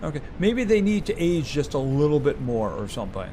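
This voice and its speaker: A man's voice: a little high, sing-song, fairly quick, mellow, a little hiss or hum. A man streaming a farming game live, chatting casually with his viewers as he plays. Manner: chatty, talks to game animals and reads chat aloud.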